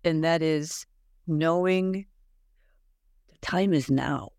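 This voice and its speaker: A woman's voice: low voice, takes it slowly, a little mellow, smooth, no room sound, clean studio sound. A middle-aged woman hosting a heartfelt podcast conversation, speaking earnestly and emphatically with spiritual encouragement. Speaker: podcast host.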